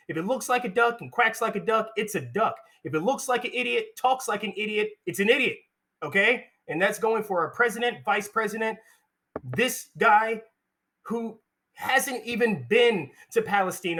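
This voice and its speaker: High, bright-voiced indignant young man. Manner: heated, indignant, sarcastic ranting. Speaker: political commentary host. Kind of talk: solo political commentary.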